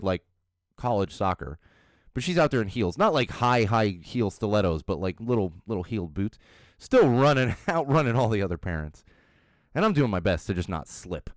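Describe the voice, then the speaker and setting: A man's voice: on the low side, dry recording, clean studio sound. A middle-aged man hosting a podcast, telling funny stories about himself in a casual, chuckling way. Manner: animated, chuckling, self-deprecating anecdotes. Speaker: podcast host. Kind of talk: casual solo podcast storytelling.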